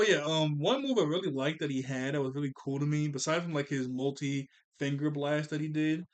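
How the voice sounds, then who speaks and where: Guy chatting about a movie, kinda high voice, lots of like and you know, laughs a bunch. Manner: rambling, lots of "like" and "you know", chuckles often. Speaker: movie commentary vlogger. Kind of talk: casual movie recap chat.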